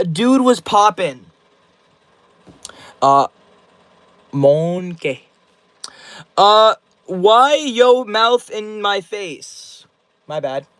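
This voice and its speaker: A man's voice: high-pitched, no room sound, low-quality recording. A young man hosting a casual livestream, reading viewer comments aloud and answering them in loose, slangy rambles. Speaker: livestream host.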